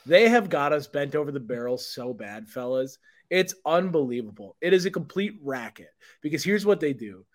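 A man's voice: on the high side, expressive, moderate pace. Profane ranting male podcast host. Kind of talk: casual chat.

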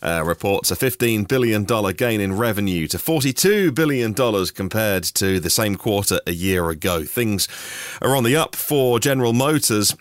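Chatty low-voiced male news podcaster. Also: fairly bright tone, no echo, studio quality. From Norfolk, England. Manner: chatty, with personal asides and quick reactions. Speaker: podcast host. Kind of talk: daily news podcast roundup.

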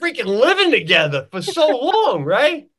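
A man, a guest comedian, reacting with excitement in casual podcast chat. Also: very high-pitched, normal speed.

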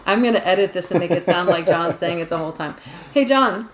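A woman's voice: lowish voice, fast. Rambling woman podcast host, roomy sound. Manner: rambling, chatty storyteller with frequent "like"s. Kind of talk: casual podcast chat. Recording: roomy echo.

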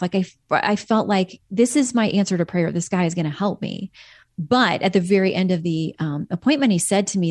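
A woman's voice: fairly low pitch, gravelly, a little mellow, no echo, clean studio sound. A woman earnestly telling a personal faith story as a podcast guest, quoting her own prayers.

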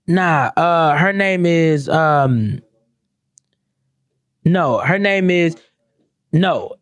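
A woman's voice: drawn-out words, no echo. Heated, profane woman podcast host. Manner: blunt, heated and sarcastic, with rhetorical questions; swings between high exclamations and low, dropped asides. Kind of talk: profane ranting podcast monologue.

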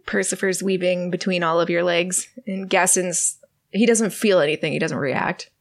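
Gravelly-voiced woman game master. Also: fairly low pitch, moderate pace. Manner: relaxed, hesitant with ums. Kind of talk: narrating a tabletop game.

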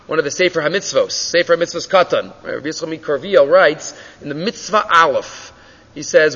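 A man's voice: a little high, a bit bright, big-room sound, lo-fi sound. A man teaching a Torah class, telling the story with energy and asking and answering his own questions, with Hebrew and Yiddish terms mixed into his English. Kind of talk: animated Torah class lecture.

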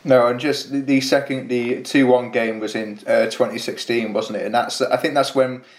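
A man's voice: mid-range voice, steady tone, moderate pace. A man hosting a podcast, interviewing a guest with long, winding questions. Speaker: podcast host. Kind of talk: podcast conversation.

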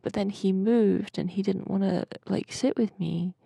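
Young woman, deep vocal fry, breathy husky tone, rambling casual storytelling, podcast co-host. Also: steady tone, a little slow, warm tone, dry recording. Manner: rambling, chatty storytelling with mild swearing. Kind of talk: casual chat, recounting a dream.

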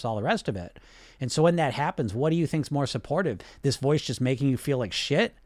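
A man's voice: medium pitch, a little mellow, dry recording. A man coaching on weight loss in an instructional talk, conversational and often checking in with tag questions.

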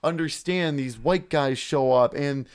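A man's voice: fairly high pitch, measured pace. A man co-hosting a casual podcast who rambles and swears freely. He acts out his own reactions as he goes. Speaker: podcast co-host. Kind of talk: casual chat.

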